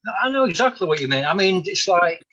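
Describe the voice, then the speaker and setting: A man's voice: sits high, very animated, quick pace, bright, forceful tone, muffled recording. A man hosting a podcast, talking reflectively and hesitantly about his own feelings. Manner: reflective, hesitant, many restarts. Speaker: podcast host. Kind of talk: candid casual chat.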